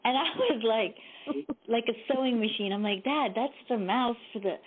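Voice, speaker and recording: A woman's voice: fairly high pitch, moderate pace. A woman hosting a live internet radio show, telling stories in a chatty way, laughing often and swearing casually. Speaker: host. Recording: tinny phone-like line.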